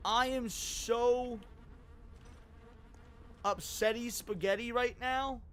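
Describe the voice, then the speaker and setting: A male streamer giving casual gaming commentary, excitable and frustrated, swearing and bantering with his chat. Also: very high-pitched, slow, a little hiss or hum.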